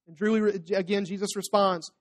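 A man's voice: sits high, steady tone, normal speed. A man preaching a sermon as pastor, talking through scripture conversationally with tag questions and playful asides. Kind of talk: expository sermon.

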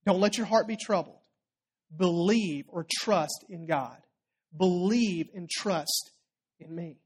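A preacher speaking as a gentle, reassuring male teacher, quietly comforting his followers. The lines come low, soft and drawn out. It sits inside a spoken sermon. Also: natural voice. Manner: soft, lowered, slowed.

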